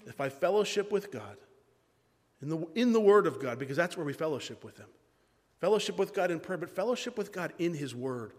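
A man's voice: on the high side, expressive, fairly quick, a little mellow. A man preaching a sermon as pastor, emphatic and repeating key phrases. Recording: long hall reverb.

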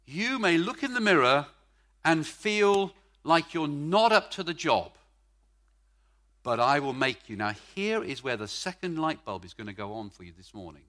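A middle-aged man preaching a sermon at a church service, emphatic, stretching key words and swinging from loud to quiet. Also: a little high, sing-song, moderate pace.

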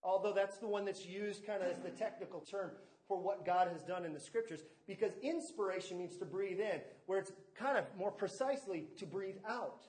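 Male pastor, high voice, sermon in an echoey church hall, stresses key words. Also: a little fast, few pauses, a little mellow. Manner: teaching with stress on key words and asides to the congregation. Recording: echoey room.

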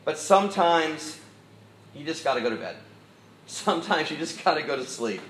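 A man's voice: fairly high pitch, lively intonation, normal speed, fairly bright tone, reverberant, poor audio. A middle-aged man preaching a sermon in an easygoing, storytelling way with self-deprecating asides. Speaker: pastor.

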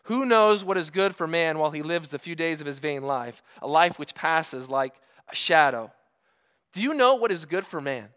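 High-voiced man preaching with emphatic pauses. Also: expressive, fairly bright tone, clear, resonant tone. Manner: earnest, emphatic, rhetorical questions with dramatic pauses. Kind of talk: sermon.

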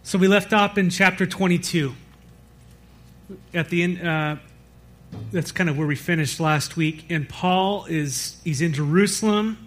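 Man, pastor, church sermon, fairly high voice, conversational, rambling with fillers. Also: a little slow, fairly bright tone.

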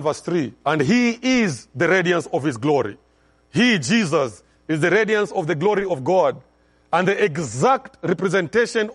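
Fervent male pastor preaching. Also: high voice. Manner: call-and-response preaching with swings from soft to loud. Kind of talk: sermon.

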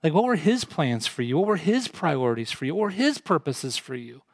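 Earnest man preaching, fairly high voice. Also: big pitch swings, brisk, no room sound. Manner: earnest, asks the congregation direct questions. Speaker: pastor. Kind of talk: sermon.

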